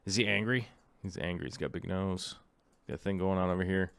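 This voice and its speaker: A man's voice: low-pitched, steady tone, quick pace, creaky, clean tone, no echo, studio quality. A middle-aged man hosting a live stream, chatting casually and rambling with lots of fillers and jokes. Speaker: livestream host.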